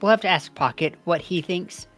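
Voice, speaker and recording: A woman's voice: fairly low pitch, moderate pace, a bit bright, soft background music. A young woman streamer chatting while she plays a game, rambling and reading the on-screen text aloud. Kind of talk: casual gameplay commentary.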